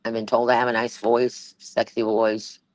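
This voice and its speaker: A woman's voice: a bass voice, flat delivery, moderate pace, darkish tone, no echo. A woman hosting a livestream, chatting casually in a rambling way, with many fillers and restarts and a Valley Girl-type voice. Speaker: livestream host.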